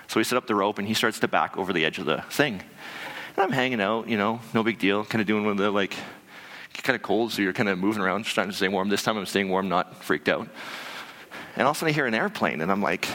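A man telling a personal story to an audience, animated and conversational, with many fillers and restarts. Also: fairly low pitch, quick pace, long reverb tail. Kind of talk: live storytelling talk.

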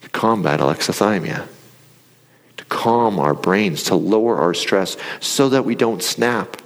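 Lowish-voiced male pastor in a reverberant hall. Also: unhurried. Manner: conversational, animated storytelling. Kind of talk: sermon.

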